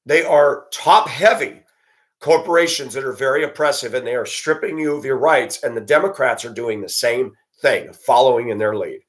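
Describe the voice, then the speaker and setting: A man's voice: mid-range voice, normal speed. A man vlogging an angry, profane monologue at his computer. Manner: indignant, profane, ranting.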